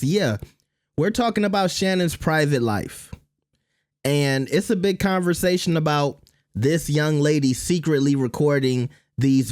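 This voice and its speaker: A man giving solo commentary, addressing viewers directly and deliberately. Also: fairly high pitch, a little mellow, no room sound, clean studio sound.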